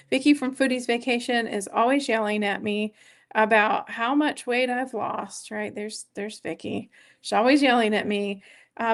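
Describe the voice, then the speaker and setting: A woman hosts a casual weight-loss live stream from her home, with a voice pitched a little above the usual. She rambles in a chatty way, greeting viewers by name and thanking them as she goes.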